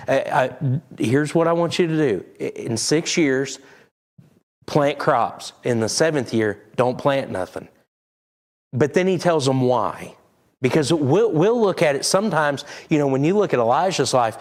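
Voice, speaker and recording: A man's voice: mid-range voice, lively intonation, normal speed. A man preaching a sermon, talking candidly and conversationally. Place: church sanctuary.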